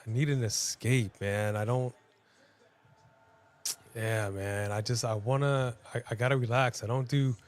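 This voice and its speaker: A man's voice: medium pitch, fairly even intonation, a little slow, pauses often. A man co-hosting a live watch-along stream, talking casually and rambling with frequent restarts.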